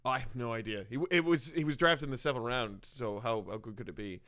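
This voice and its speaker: A man's voice: medium pitch, fast talker, fairly bright tone. A man co-hosting a comedy sports podcast, riffing and joking. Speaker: podcast co-host.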